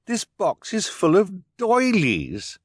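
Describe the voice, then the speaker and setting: A man's voice: fairly high pitch, lively intonation, measured pace, no echo, studio quality, voice pushed up. A man voicing an earnest teenage girl. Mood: amazed. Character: brave clever teenage girl.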